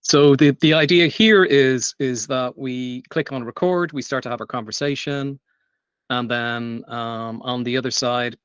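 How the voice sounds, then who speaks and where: A man's voice: mid-range voice, steady tone, a little slow, clear, resonant tone, no echo. A man giving a live tech demo at a meetup, talking casually with frequent fillers and restarts. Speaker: meetup presenter. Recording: dry, dull lo-fi sound.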